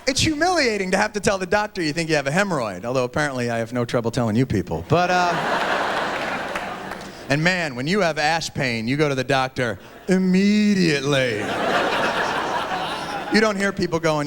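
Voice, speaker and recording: Man in his thirties doing stand-up, animated and quick to act out voices, noisy old tape with a big live crowd. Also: fairly high pitch. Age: 30s. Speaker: stand-up comedian. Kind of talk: stand-up routine. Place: theater stage before a live audience. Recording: 1990s TV special from VHS with loud crowd. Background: audience laughter and applause.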